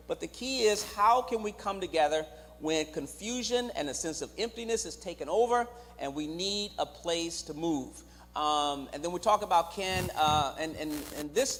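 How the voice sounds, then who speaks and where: High-voiced man teaching in a reverberant hall. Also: fairly bright tone, slight background noise. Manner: engages the audience directly, acts out quoted voices. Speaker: clinician giving a teaching at church. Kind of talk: church teaching with call-and-response. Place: church sanctuary. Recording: reverberant church hall on a live stream.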